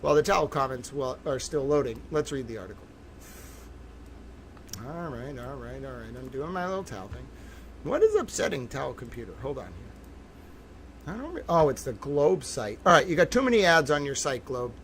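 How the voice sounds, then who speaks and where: A man hosting a livestream as a reporter, giddy and sarcastic with loud profane outbursts. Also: mid-range voice, sing-song, fairly quick, slight background noise. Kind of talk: ranting livestream commentary.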